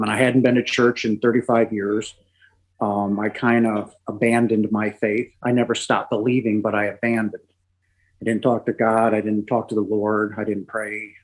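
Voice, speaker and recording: A middle-aged man, a podcast guest, giving a personal testimony in a halting, emotional way, with frequent pauses and restarts. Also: lowish voice, poor audio.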